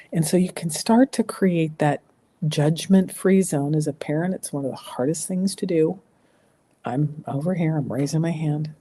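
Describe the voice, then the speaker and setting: A woman's voice: low-pitched, dry recording. A middle-aged American woman giving earnest, emphatic advice as a talk show guest, repeating phrases for emphasis. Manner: emphatic, repeats phrases, drops to a soft voice for reassuring lines. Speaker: guest speaker.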